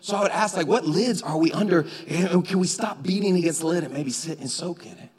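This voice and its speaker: A man with a notably high voice preaches a sermon in a church sanctuary. He keeps it conversational and casual, then climbs into shouts when he drives a point home. His voice rings out with the long reverb of a large hall. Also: fairly quick, slightly rough. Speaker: pastor.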